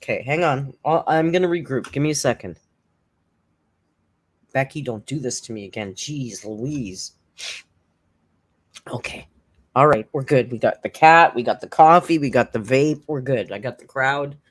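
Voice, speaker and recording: A woman's voice: extremely low pitch, moderate pace, pauses often. A woman hosting a live-stream reaction, chatting emotionally with frequent laughter and swearing. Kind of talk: casual live-stream commentary.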